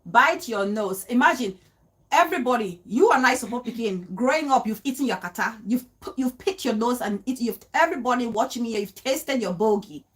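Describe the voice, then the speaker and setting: A woman's voice: a little high, fairly quick. A woman hosting a casual livestream, talking straight to her viewers, repeating her points and breaking off to greet people in the chat. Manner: animated, repeats phrases, greets chat viewers mid-sentence, laughs easily. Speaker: livestream host. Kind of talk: casual live-stream talk to viewers.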